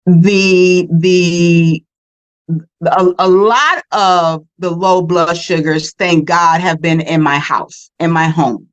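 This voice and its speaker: A woman in her fifties, a podcast guest, telling her stories in an animated way and repeating words for emphasis. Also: on the low side, takes it slowly, rough recording. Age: 50s. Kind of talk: casual conversation.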